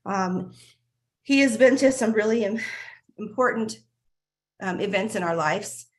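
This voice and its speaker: A woman hosts a casual members' video call, heaping praise on each person. She laughs easily and keeps restarting her sentences. Her voice sits at a middle pitch for a woman. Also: unhurried. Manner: warm, gushing, laughs often, restarts sentences.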